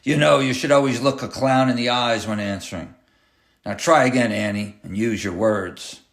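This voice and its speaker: A man's voice: medium pitch, moderate pace, fairly bright tone, lightly acted. A man voicing a cruel, taunting male clown who drives a school bus, barking orders in a sneering way. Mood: menacing. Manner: sneering, bossy, barking threats. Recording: roomy echoey room.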